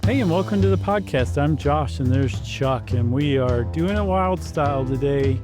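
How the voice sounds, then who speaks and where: A man's voice: a little high, animated, moderate pace, over music. A middle-aged man co-hosting a podcast in casual, jokey banter on a studio mic. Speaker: podcast co-host. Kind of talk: casual chat.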